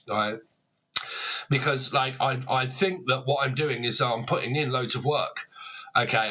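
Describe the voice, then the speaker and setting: A man's voice: mid-range voice, bright, forceful tone. A man giving a casual tarot reading to camera, rambling, swearing freely and laughing at himself. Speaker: tarot reader.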